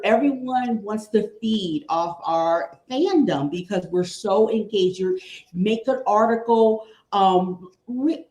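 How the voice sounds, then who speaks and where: A woman from Cleveland chats about football as a guest, taking her time. She repeats her points with a die-hard fan's enthusiasm. Her voice rings in a roomy, echoing space, at a middle pitch. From Cleveland, Ohio. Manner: chatty, repeats phrases, fan enthusiasm. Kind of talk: casual sports chat.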